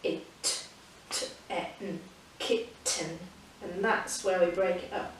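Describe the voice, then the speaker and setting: A woman with a fairly low, fairly even, unhurried voice patiently encourages children as she teaches them about reading, even singing a silly song. She recorded at home during lockdown in an echoey room, far from the mic, with faint hiss.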